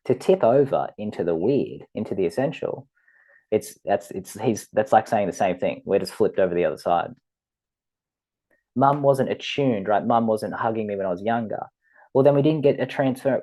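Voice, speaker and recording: A man giving a rambling, animated spiritual teaching talk, often laughing and acting out quoted voices. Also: fairly low pitch, husky.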